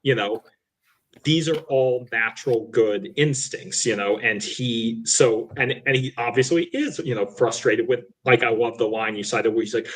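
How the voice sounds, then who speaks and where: A man's voice: mid-range voice, normal speed, fairly bright tone, slightly rough, poor audio. A man co-hosting a film podcast, building long, thoughtful analytical sentences. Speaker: podcast co-host. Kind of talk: casual film discussion.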